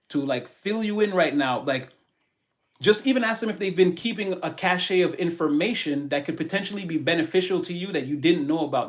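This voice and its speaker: Guy doing a tarot live stream, kinda high voice, hyped up and preachy, shouting out chat names. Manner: animated, preachy motivational talk, greets viewers by name.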